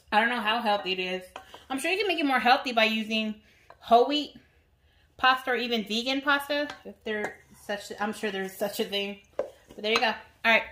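Bright-voiced chatty woman cooking vlogger. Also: fairly high pitch, a little hiss or hum. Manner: chatty, talks straight to viewers. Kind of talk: casual cooking demonstration. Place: home kitchen.

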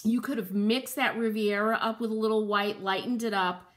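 A woman's voice: mid-range voice, fairly even intonation, normal speed. A woman hosting a live painting demo, chatting with viewers and reading out their comments while she works, with playful asides and frequent laughs.

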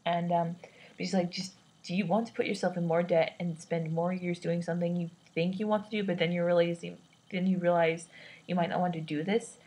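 Casting note: woman in her twenties, husky and slightly low-voiced, rambling vlog, awkward and unsure. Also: level tone, a little fast, a little mellow, low-quality recording. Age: 20s. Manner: hesitant, self-doubting, many restarts; self-described awkward and introverted. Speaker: vlogger.

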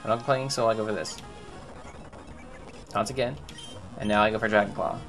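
A man's voice: fairly low pitch, fairly even intonation, moderate pace, fairly bright tone, faint music behind. A man giving casual gameplay commentary, thinking aloud, repeating himself and talking to his game characters. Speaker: gaming YouTuber.

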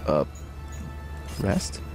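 Male game streamer, slow delivery, excitable yelps, lots of ums, faint music behind. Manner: excitable, bursts of high-pitched exclamations; thinks aloud with many fillers. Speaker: livestream host playing a game. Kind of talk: live gameplay commentary.

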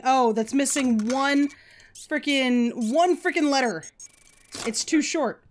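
A woman hosting a video game let's play, excitable and quick to yell and swear at the game. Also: high voice, a little hiss or hum. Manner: excitable, yelps and shouts at the game; swears freely.

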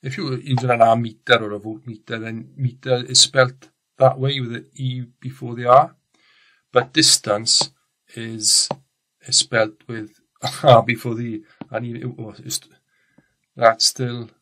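A Welsh teacher from Wales delivers a recorded science lesson in a chatty, rambling style, frequently restarting and correcting his sentences. His medium-pitched voice sounds pushed and bright.

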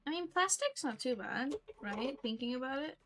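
A young woman streamer with a fairly high voice talks over her game in easy, casual chat. She jokes bluntly and playfully, tossing out teasing jabs at her opponents and friends. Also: expressive, normal speed, a bit bright, faint music behind. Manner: joking, blunt, playful trash talk.

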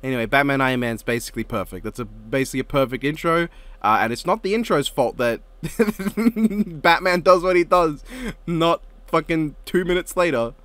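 A man in casual chat, animated and laughing often, swearing freely, recorded with lo-fi home mic audio. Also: on the high side, normal speed, no echo. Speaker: co-host.

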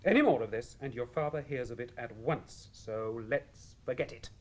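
A man's voice: mid-range voice, moderate pace, slight background noise, natural voice. An actor playing a stern, hot-tempered male choirmaster in a radio drama, blunt and drilling in manner. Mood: gruff. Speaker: church choirmaster. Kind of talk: 1980s radio drama acting.

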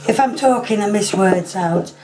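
A hoarse woman who is losing her voice talks casually through a home cooking demonstration. She often clears her throat and apologises. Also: mid-range voice, moderate pace, noisy background.

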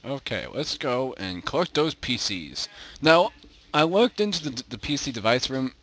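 A man's voice: mid-range voice, very animated, normal speed, a bit bright. A man giving casual let's-play commentary as a gaming YouTuber, goofy and chatting to the animals in the game.

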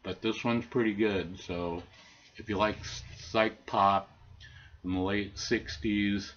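A man's voice: lowish voice, steady tone, takes it slowly, fairly bright tone, highs cut off, a little hiss or hum. A man casually talking through his record finds in a laid-back, hesitant way, with lots of ums and uhs. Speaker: record collector showing vinyl finds.

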